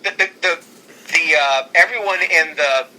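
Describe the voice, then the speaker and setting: A man on a podcast excitedly pitching storylines in casual chat, rambling and often restarting his sentences. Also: measured pace, poor audio. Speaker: podcast co-host.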